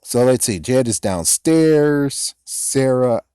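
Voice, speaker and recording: A man casually recapping and critiquing a TV episode, rambling with profane asides and quick laughs. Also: mid-range voice, expressive, dark tone, clean tone, no echo. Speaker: episode reviewer.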